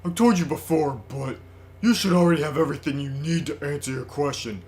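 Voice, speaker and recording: A man playing a sinister bird doctor villain, smug, measured, slow delivery, raised pitch, game dialogue. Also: a little mellow, lightly acted. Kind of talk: reading game dialogue aloud.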